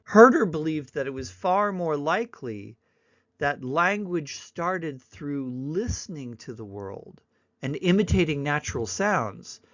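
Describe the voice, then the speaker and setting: A man giving a recorded slideshow lecture, unhurried and explanatory, sometimes acting out examples in little voices. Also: a little high, expressive, fairly bright tone, no echo, muffled recording.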